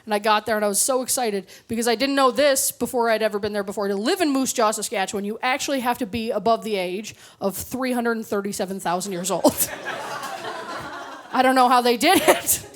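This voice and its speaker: A woman's voice: fairly high pitch, fairly quick, a little hiss or hum. A woman performing a stand-up comedy set on a club stage, telling sarcastic stories with acted-out voices. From Canada. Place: comedy club stage before a live audience.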